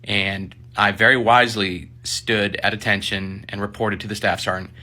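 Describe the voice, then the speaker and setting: A man, a military service member, casually telling a personal story in an animated way, acting out the people he quotes. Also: lowish voice, normal speed. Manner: animated, acts out quoted voices.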